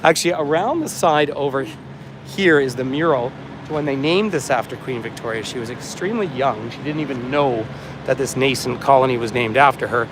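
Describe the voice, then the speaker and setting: A man's voice: medium pitch, a little fast, noisy background. A man livestreaming a walking tour outdoors, chatting and rambling as he reads out viewer comments, filmed on a phone camera as he walks. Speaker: tour guide. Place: outdoors on a city waterfront street.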